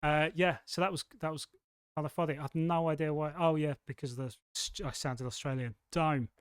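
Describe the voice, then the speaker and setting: Rambling, lively English podcast host. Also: male voice, on the high side, a little fast, clear, resonant tone, no room sound. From England. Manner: rambling, animated storytelling. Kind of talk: casual chat. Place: studio.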